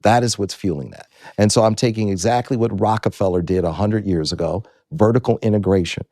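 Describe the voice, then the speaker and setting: A man's voice: lowish voice, fairly quick, mellow, no room sound, clean studio sound. A man in his sixties from the United States, a guest in an interview, telling his business story and repeating his key points for emphasis.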